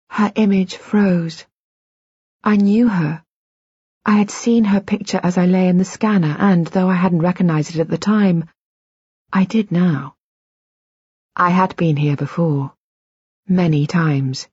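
Low, husky woman narrating an audiobook. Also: fairly even intonation, unhurried, pauses often, a little mellow, dry recording, lo-fi sound.

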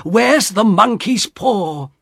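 A man playing a frightened old husband who shouts urgent warnings and commands. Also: sits high, expressive, slow pace, vocal fry, husky, no echo, clean studio sound, pitched above the performer's own voice, full character voice. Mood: panicked.

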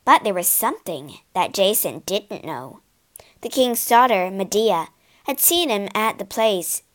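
A woman narrating a storybook for English learners, reading slowly, clearly and expressively. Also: mid-range voice, animated.

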